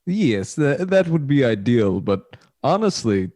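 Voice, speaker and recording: A man's voice: medium pitch, big pitch swings, unhurried, dark tone, no echo. A man playing a tabletop game, joking in a dry, wry way. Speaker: player. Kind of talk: casual tabletop game chat.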